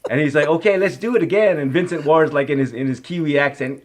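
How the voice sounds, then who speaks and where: A man in his fifties, an actor, telling stories in a casual interview; he rambles with lots of "you know" and "like" and grows animated as he relives them. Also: a little high, fast talker. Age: 50s.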